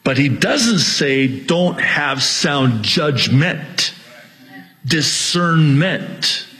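A male pastor delivering a sermon at an unhurried pace. He hammers repeated warnings with rising intensity, then eases off with light asides to the listeners. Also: fairly high pitch, expressive, poor audio. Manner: slow, emphatic preaching that rises to near-yelling at peaks; jokes with the congregation.

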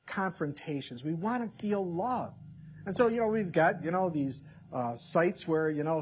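A man preaching a sermon, reading scripture aloud and swinging from hushed asides to emphatic declarations. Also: a little high, husky. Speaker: pastor.

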